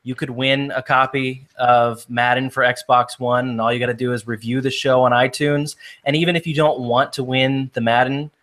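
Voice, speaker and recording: A man's voice: mid-range voice, flat delivery, normal speed, few pauses, fairly bright tone. A man co-hosting a casual podcast, friendly and easygoing, with lots of ums. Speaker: podcast co-host.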